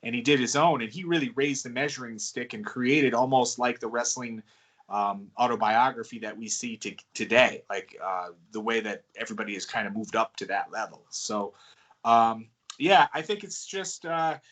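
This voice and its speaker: A man from the United States, a guest author answering interview questions in a relaxed, rambling way with many fillers. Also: mid-range voice, moderate pace. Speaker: guest author and wrestling ghostwriter. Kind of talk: casual podcast interview answers.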